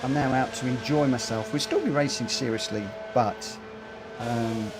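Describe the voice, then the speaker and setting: A man's voice: medium pitch, moderate pace, background noise. Breathless man chatting on a racing stream. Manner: chatty, filler-heavy, reads chat aloud. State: short of breath. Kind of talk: live stream commentary.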